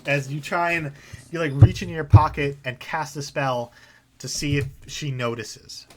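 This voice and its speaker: A man's voice: on the high side, fairly even intonation, normal speed, heavy background noise. A man narrating a tabletop game as game master, casual and rambling with many fillers.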